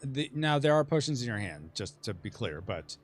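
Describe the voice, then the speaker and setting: A man's voice: mid-range voice, big pitch swings, moderate pace, slight background noise. A man hosting a casual board game playtest, chatting and checking the rules aloud. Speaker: game host.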